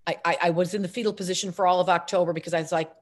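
A middle-aged actress and filmmaker telling stories as an interview guest, lively and self-mocking, jumping between tangents. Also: female voice, lowish voice, racing. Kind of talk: casual interview storytelling.

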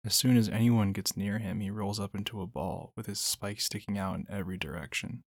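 A man's voice: fairly low pitch, steady tone, fairly quick, husky, no room sound. A man reading a storybook, voicing an outspoken young female fawn in an eager, slightly boastful way. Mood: knowing.

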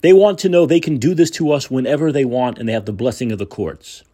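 A man's voice: mid-range voice, fast talker, warm tone, husky. A man hosting a political talk show, delivering a combative, sarcastic monologue with profanity. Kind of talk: opinionated monologue.

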